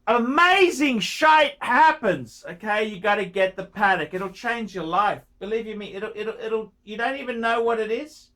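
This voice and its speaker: A man's voice: high-pitched, fairly even intonation, moderate pace, hardly any pauses, sharp tone. A man giving watch-buying advice in a casual rant, pushy and pleading, repeating himself and throwing in crude jokes.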